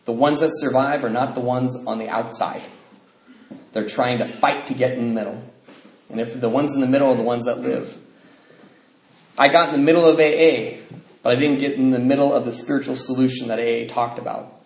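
A man telling his recovery story to an audience as an animated storyteller who laughs as he talks. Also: medium pitch, brisk. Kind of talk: personal testimony to an audience. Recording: echoey room with faint noise.

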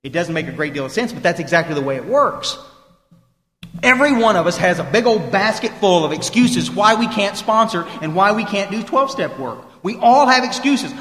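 Man, high voice, folksy and emphatic, recovery meeting talk, roomy hall echo. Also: animated, normal speed, a bit bright. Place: meeting room. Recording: echoey hall, live talk recording.

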